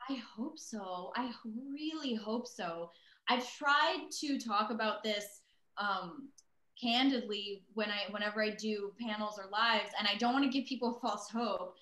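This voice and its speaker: A woman's voice: mid-range voice, measured pace, bright, forceful tone. A woman in her thirties, a voice actress guest, chatting casually over a video call with lots of fillers and self-deprecating asides. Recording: roomy echo.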